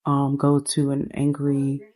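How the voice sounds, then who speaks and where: A woman's voice: very deep voice, monotone, takes it slowly, warm tone. A woman giving chatty, rambling commentary as she plays a life-sim game and narrates its characters. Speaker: game streamer.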